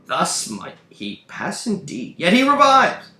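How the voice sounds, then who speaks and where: Man putting on a loud rustic young peasant. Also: huge pitch swings, slow, full character voice. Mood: urgent, exclaiming. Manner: loud, high, rustic put-on accent. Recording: roomy room, faint background hum.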